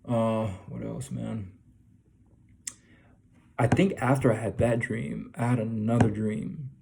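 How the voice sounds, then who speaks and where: A man's voice: lowish voice, flat delivery, slow pace, creaky, background noise. A young man casually telling viewers about a dream, rambling with many fillers and restarts. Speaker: video creator telling a dream. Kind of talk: casual storytelling to camera.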